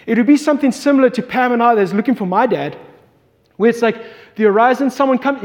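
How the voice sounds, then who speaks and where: A man's voice: very high voice, fast talker, darkish tone. A man preaching a sermon, telling a story and acting out the voices in it. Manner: storytelling, acts out voices in quotes. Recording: long hall reverb.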